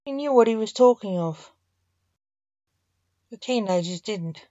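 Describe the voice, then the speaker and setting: A woman reading her own short story aloud as a podcast host, in a slow, deliberate storytelling manner. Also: medium pitch, lively intonation, warm tone, no room sound, highs cut off.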